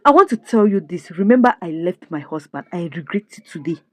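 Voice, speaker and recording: Animated woman recapping a drama. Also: on the low side, brisk, no echo. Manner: indignant, expressive, rhetorical questions. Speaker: series reviewer.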